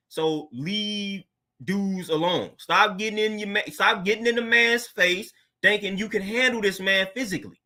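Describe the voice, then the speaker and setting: A man's voice: sits high, fairly even intonation, a little slow, pushed and bright. A man hosting his own show, talking casually in a laid-back, slang-filled monologue and laughing often. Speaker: podcast host.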